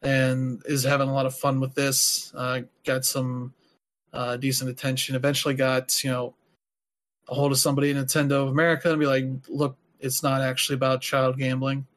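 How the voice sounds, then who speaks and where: A man talks loosely on a podcast, filling pauses with plenty of "uh" and "you know." His voice sits at an ordinary middle pitch. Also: little pitch movement, a bit bright. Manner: rambling, many filler words. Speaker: podcast host. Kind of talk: casual chat.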